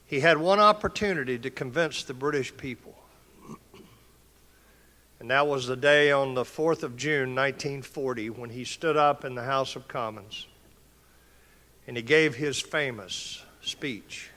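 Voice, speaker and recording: A man's voice: medium pitch, unhurried, sharp tone. An older man speaking at a conference, giving an emphatic, impassioned, preacher-like motivational speech. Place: conference hall. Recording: echoey large hall.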